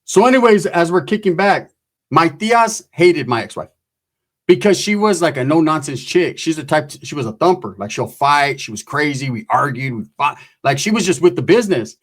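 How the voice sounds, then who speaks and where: A middle-aged man tells a long, loose story packed with slang and profanity. His voice sits a little higher than most men's, and he keeps checking in with his listeners as he goes. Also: sing-song, moderate pace. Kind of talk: casual storytelling.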